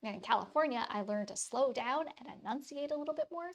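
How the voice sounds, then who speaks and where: A woman in her thirties talks casually to her live-stream audience while she draws, with a faint Wisconsin accent still showing through. Her voice sits a little on the high side. She rambles and circles back, filling pauses with "like" and "you know.". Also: lively intonation. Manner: rambling, many fillers and restarts. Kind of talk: casual chat with chat while drawing.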